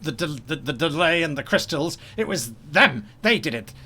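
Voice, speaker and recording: A man's voice: a little high, lively intonation, moderate pace, pushed and bright, slightly rough, voice pushed up, heavily acted. A man doing a flustered smuggler boss. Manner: flustered, defensive, stumbling. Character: nervous fussy male smuggler boss.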